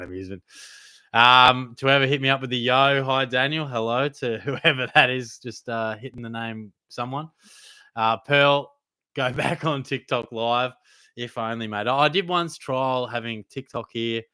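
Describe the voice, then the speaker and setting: A young Australian man hosting a casual live stream Q&A, answering viewers' fantasy football questions in a relaxed, blokey way and calling them mate. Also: medium pitch, smooth, dry recording. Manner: laid-back, blokey, calls viewers mate.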